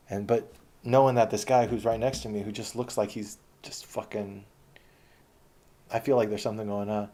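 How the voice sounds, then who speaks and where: A man's voice: fairly low pitch, fairly even intonation, normal speed, warm tone. A man telling a long personal story in a casual, rambling, profane way.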